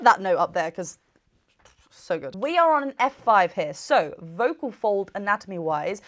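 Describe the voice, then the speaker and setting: A woman vocal coach reacting to a performance and explaining vocal technique with enthusiasm, breaking in with short sung demo notes. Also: mid-range voice. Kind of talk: reaction video with vocal analysis.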